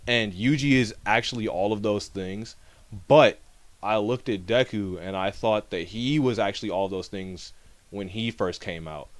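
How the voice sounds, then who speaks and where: A young man co-hosting a podcast, chatting casually and rambling with lots of fillers and animated asides. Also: lowish voice. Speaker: podcast co-host. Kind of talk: casual chat.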